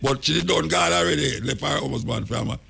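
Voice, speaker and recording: A man's voice: on the high side, moderate pace, gravelly, bright, forceful tone, breathy edge. A Jamaican man hosting casual talk radio, rambling through anecdotes in patois and chuckling often. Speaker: radio talk show host.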